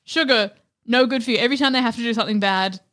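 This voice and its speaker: A young woman co-hosting a comedy podcast, making dry, deadpan jokes in casual chat. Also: a little high, rapid-fire. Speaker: podcast co-host.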